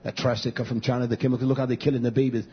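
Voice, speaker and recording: A man preaching a fiery sermon, blunt and repetitive, swinging between shouts and low mutters, on a muffled lo-fi recording. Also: level tone, rapid-fire.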